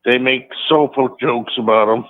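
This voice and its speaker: A man's voice: medium pitch, normal speed, no room sound. Male caller with a Boston accent on the phone. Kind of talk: call-in radio chat. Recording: tinny phone line.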